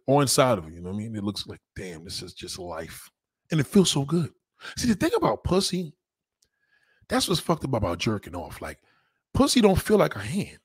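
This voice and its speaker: Man, casual profane monologue, crude and animated, dry close sound. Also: medium pitch, breathy edge, no room sound. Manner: blunt, crude, rambling, talks fast.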